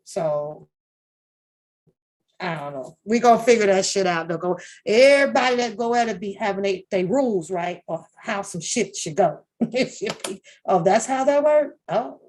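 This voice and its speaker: A woman running a reaction channel rambles through casual commentary on a reality show, swearing a lot, laughing often and restarting many times. Her medium-pitched, slightly mellow voice is animated and moves at a moderate pace.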